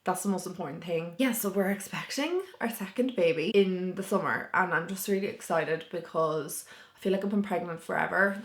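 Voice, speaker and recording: Woman vlogger, lowish voice, candid casual chat, roomy echo. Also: normal speed. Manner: candid and chatty, with many "like" fillers.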